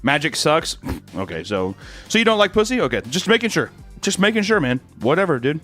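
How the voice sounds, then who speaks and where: A young man chatting casually on stream as he reads fan messages, throwing in crude, sarcastic jokes. His voice sits a little high and swings up and down lively, with faint music underneath. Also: brisk. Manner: crude, joking, sarcastic asides. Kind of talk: casual chat.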